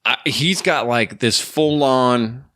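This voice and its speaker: A man's voice: medium pitch, takes it slowly, sharp tone. A man co-hosting a podcast, teasing his partner and telling stories in casual chat. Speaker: podcast co-host.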